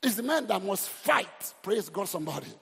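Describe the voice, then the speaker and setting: A man's voice: high voice, moderate pace, gravelly, slightly rough. A middle-aged Nigerian man preaching a humorous, exhorting sermon as pastor. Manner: animated, humorous, exhorting the crowd. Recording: reverberant hall.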